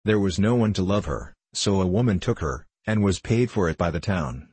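A man reading an audiobook, voicing a patient mother who speaks in a measured, gently admonishing way. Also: low-pitched, animated, breathy edge, no echo. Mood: grave.

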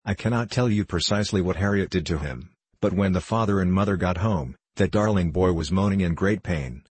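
A man reading an audiobook, voicing a patient mother who speaks in a measured, gently admonishing way. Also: sits low, slightly rough, no room sound. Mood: grave.

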